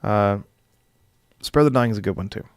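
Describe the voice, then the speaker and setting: A man's voice: fairly low pitch, moderate pace, dry recording, studio quality. A young man casually hosting a live stream as dungeon master, rambling with filler words and chuckling as he reads viewer comments.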